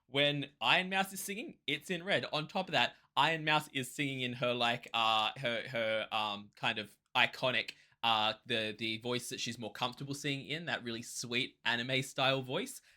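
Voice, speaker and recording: A man from Australia hosting a music reaction channel, talking in an excitable, rambling way with quick restarts. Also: medium pitch. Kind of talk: casual reaction commentary.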